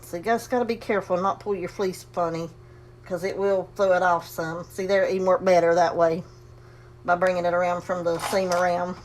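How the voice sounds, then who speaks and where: A woman's voice: lowish voice, fairly even intonation, brisk, slight background noise. A woman casually demonstrating a sewing project, chatty and folksy, talking herself through each step and breathing a little heavily. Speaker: crafting tutorial host.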